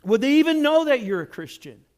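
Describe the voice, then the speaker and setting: Man, pastor, high-pitched voice, lively sermon, chatty storytelling. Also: a little fast. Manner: animated, conversational storytelling.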